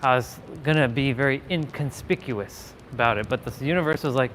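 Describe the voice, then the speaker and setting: A young man talks loosely to his phone while he walks outside, rambling and restarting his sentences with plenty of fillers. His voice sits at an ordinary middle pitch. Faint traffic and street noise hum behind him. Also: moderate pace, a bit bright. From Canada. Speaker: live streamer. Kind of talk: casual live-stream chat while walking. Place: outdoors in a parking lot, then in a car.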